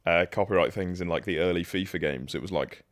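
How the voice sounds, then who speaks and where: A man's voice: sits low, fast talker, no echo, clean studio sound. A young man with an English accent, co-hosting a casual podcast chat in a jokey, self-deprecating, rambling way. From England. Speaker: podcast co-host.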